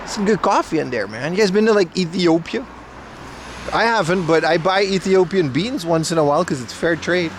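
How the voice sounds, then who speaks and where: Young guy livestreaming outside, kinda high voice, joking around w chat, bit of street noise behind. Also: moderate pace. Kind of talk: casual IRL stream chat.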